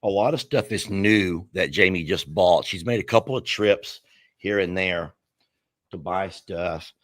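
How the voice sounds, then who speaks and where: A man hosting a casual chat from his home and yard, relaxed and rambling, often restarting his sentences, recorded on a laptop mic. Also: low voice, measured pace, no room sound. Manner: relaxed, rambling, self-correcting. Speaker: host. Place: home and backyard.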